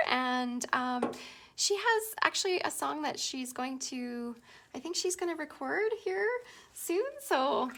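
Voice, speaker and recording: Over background noise, a middle-aged Canadian woman with a high, gravelly voice teaches a casual live painting lesson. She chats with her viewers and giggles frequently.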